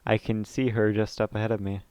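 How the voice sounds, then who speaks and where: A man's voice: fairly low pitch, flat delivery, fairly quick, darkish tone, clear, resonant tone, dry recording. A man reading a visual novel aloud in the first person, with small slips and side comments. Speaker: let's play narrator.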